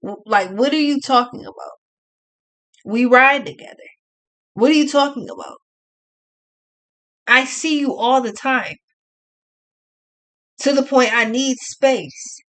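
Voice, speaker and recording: A woman's voice: high-pitched, takes it slowly, long pauses, fairly bright tone. A woman giving a casual tarot reading, talking in a blunt, profane, ranting way. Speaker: tarot card reader.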